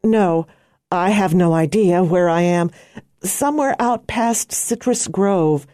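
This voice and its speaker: A woman voicing an adult woman who speaks urgently but tries to stay calm in an audiobook. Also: lowish voice, slow pace, dry recording, studio quality. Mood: tense. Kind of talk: audiobook character voice.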